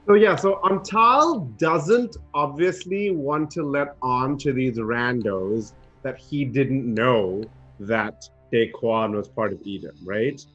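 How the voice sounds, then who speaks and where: A man playing in a tabletop game, describing his character's moves in a halting way, often restarting. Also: mid-range voice, fairly bright tone, dull audio, soft background music. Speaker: player. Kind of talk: tabletop role-play chat.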